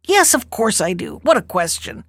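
A woman's voice: mid-range voice, sing-song, normal speed, creaky, a bit bright, dry recording, clean studio sound, heavily acted. Woman doing a stern, suspicious turtle chief. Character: proud, stern male turtle war leader.

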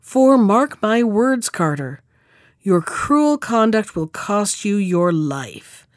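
A woman's voice: mid-range voice, big pitch swings, slow, no echo, studio quality. A woman voicing a small, vengeful female sparrow who taunts with cool threats. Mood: taunting.

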